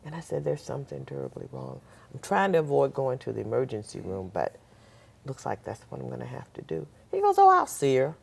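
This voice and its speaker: A woman's voice: rumbling low, sing-song, brisk, vocal fry, warm tone, husky. An older woman, a guest on a talk show, telling a personal story and acting out the voices of the people in it.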